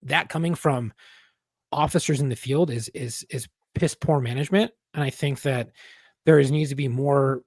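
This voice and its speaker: A man's voice: mid-range voice, moderate pace, darkish tone, slightly rough, no room sound, studio quality. A man co-hosting a podcast, a former police officer telling stories bluntly and with plenty of swearing. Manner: blunt, profane storytelling. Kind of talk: casual podcast conversation.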